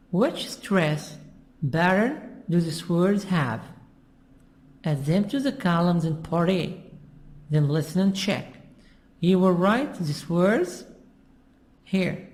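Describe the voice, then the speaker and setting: Slow, patient English teacher. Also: medium pitch, expressive, darkish tone. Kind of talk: classroom explanation.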